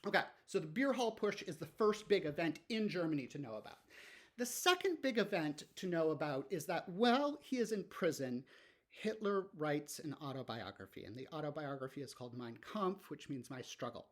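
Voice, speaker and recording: A man's voice: a little high, lively intonation, normal speed. A male history teacher giving a recorded lecture in a conversational way, explaining step by step with frequent ums, "okay, so" and rhetorical questions.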